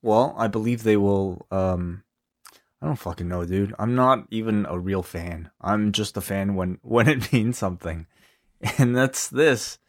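A man with a fairly low voice co-hosts a podcast in casual chat. He rambles and hesitates, filling gaps with "uh" and "like.". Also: a little slow. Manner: rambling, hesitant, lots of fillers. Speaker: podcast co-host.

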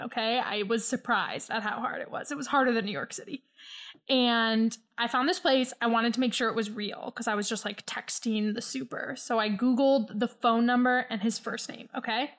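A woman hosting a podcast in casual chat. She talks fast and loosely and keeps checking in with "okay?". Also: on the high side, a bit bright. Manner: chatty, frequent "like" and "okay?". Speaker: podcast host.

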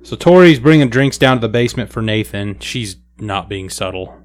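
A man's voice: lowish voice, animated, moderate pace. A man casually narrating a film's plot step by step on a group podcast. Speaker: podcast host recapping a film. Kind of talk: casual chat.

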